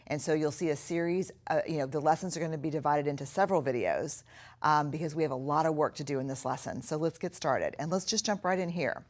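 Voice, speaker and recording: A middle-aged woman teaching a recorded lesson in a notably low voice. She speaks earnestly and reflectively and slows right down to lean on key words. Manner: earnest, reflective, with slow emphatic stretches. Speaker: course instructor.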